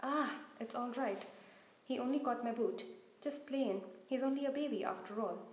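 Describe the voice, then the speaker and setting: A woman's voice: on the high side, normal speed, natural voice. Hagrid, as a woman reader puts him on. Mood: fond. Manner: soft-hearted, tearful fussing. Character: big gruff sentimental half-giant gamekeeper, male. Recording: roomy echo.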